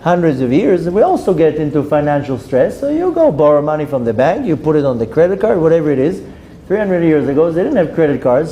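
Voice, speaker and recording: Animated man telling a story. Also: sits high, slight background noise, low-quality recording. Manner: animated storyteller acting out characters' voices. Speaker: rabbi. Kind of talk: Torah class storytelling.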